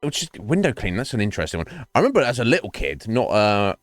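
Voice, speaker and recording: A low-pitched man in his forties rambles through a casual stream chat. He swears freely and pokes fun at himself. The mic is close and dry, with faint game music behind him. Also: sing-song, quick pace, no echo. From England. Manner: rambling, sweary, self-mocking. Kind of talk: casual chat while gaming. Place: home streaming setup.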